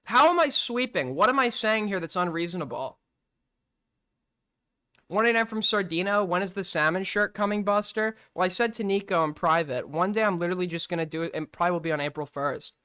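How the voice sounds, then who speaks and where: A man hosts a livestream call-in show, offering casual commentary that is blunt, profane, and full of rhetorical questions. His high voice is pushed and bright yet smooth, and he talks a little fast.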